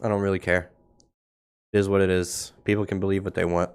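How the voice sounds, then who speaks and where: Blunt sarcastic man, low voice. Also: level tone, a little fast, a little mellow, clean tone. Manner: blunt, sarcastic, thinks aloud over charts. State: coughing now and then. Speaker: crypto market show host. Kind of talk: casual livestream market commentary.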